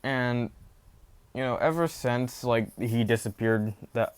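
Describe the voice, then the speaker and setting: Man, casual storytelling, slow pace, smooth clear voice, rambling with fillers. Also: mid-range voice. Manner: rambling, full of fillers and self-corrections. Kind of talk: casual spoken fan-story retelling.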